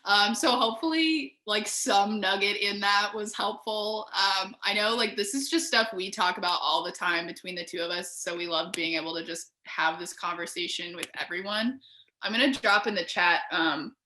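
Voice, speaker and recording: Woman, relaxed casual chat, bright tone, echoey room. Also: mid-range voice, normal speed, slight background noise. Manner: relaxed, laughs easily, agreeable. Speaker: co-founder and co-host of a design panel. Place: home, sitting on a couch.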